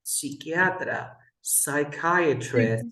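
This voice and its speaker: A man's voice: on the high side, very slow, bright, forceful tone. A man tutoring English one-on-one over a video call, patiently repeating words for his student. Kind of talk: online one-on-one English lesson. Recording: roomy echo.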